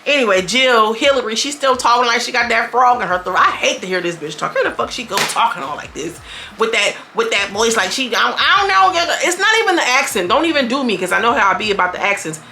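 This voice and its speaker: A young woman reviewing a reality TV episode in casual, blunt, profane commentary, switching between storytelling and quick quoted voices. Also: a little high, gravelly, sharp tone, slight background noise.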